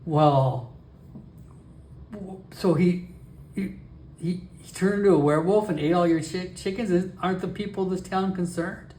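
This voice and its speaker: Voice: mid-range voice, moderate pace, pauses often, dark tone, voice pushed up, close to an everyday voice. A solo role-player voicing a polite, earnest male goblin traveler who stammers and hesitates, recorded in an echoey room. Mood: bewildered.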